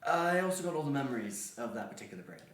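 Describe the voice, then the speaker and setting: A man's voice: medium pitch, big pitch swings, racing, a bit bright. A man playing a tabletop game, teasing and evasive. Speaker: player. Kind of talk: casual tabletop game chat. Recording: roomy sound from a distance.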